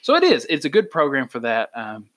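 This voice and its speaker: A man's voice: mid-range voice, wildly swooping pitch, fairly quick, fairly bright tone. Chatty man retelling a story. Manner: storytelling, acts out quotes. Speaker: podcast co-host. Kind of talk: casual faith discussion.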